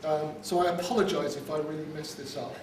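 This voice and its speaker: He's a fast-talking London man with a fairly high voice and fairly even intonation, delivering a wedding speech full of wry jokes and punchlines. Background noise surrounds him in the reception hall. A far-off mic catches loud ambience and echo.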